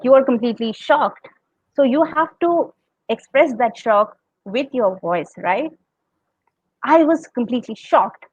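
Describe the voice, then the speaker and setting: High-voiced Indian woman coaching speakers. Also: no echo, highs cut off. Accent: Indian English. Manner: explanatory, demonstrates tones, laughs often. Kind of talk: podcast talk giving speaking tips.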